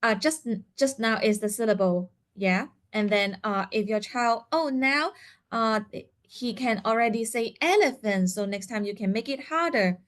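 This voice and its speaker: A woman's voice: fairly high pitch, unhurried. A woman teaching a seminar for parents, explaining step by step with many fillers and acting out what parents and children might say.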